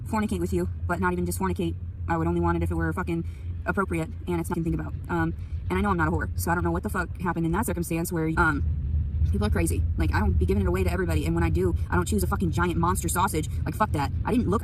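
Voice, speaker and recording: Recorded on a phone from a distance, a young woman rambles through a profane venting monologue, her mood swinging from loud anger to quiet sadness. She sounds sleepy and speaks on the low side, with noisy background sound.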